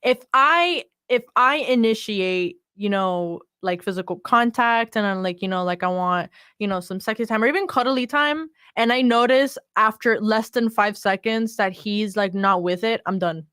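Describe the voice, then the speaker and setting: A woman's voice: mid-range voice, moderate pace, few pauses, fairly bright tone, clean tone, no room sound, clean studio sound. A woman co-hosting a casual podcast chat, talking freely with lots of "like" and "you know". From Miami area. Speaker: podcast co-host.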